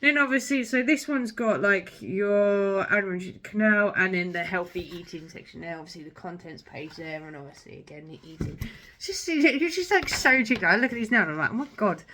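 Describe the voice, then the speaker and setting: A woman's voice: medium pitch, animated, brisk, a crowd in the background. Chatty gushing young woman. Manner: chatty and gushing, heavy filler words. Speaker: vlogger. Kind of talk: casual book show-and-tell.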